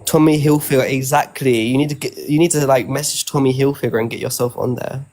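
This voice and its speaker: A man chatting casually on a live stream, throwing out teasing slang compliments. His voice has a gravelly, creaky edge. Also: medium pitch, steady tone, fast, darkish tone. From outside the US.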